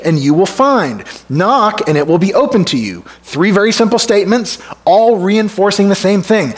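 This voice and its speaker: Lively-voiced male pastor preaching. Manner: conversational preaching with rhetorical questions; drops to a hushed low voice for emphasis. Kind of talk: expository sermon. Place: church sanctuary.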